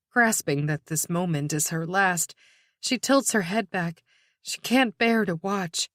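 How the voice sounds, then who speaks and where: A woman narrating an audiobook in a tense, measured voice that sinks to a whisper at dark moments. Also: medium pitch, dry recording, studio quality. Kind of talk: scripted narration.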